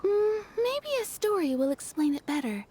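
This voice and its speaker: A woman voices a cheerful, frank townswoman, a kimono maker, in a video game, telling a story in a chatty, amused way as game dialogue over music. Her very high voice is warm, swings widely in pitch and moves at normal speed.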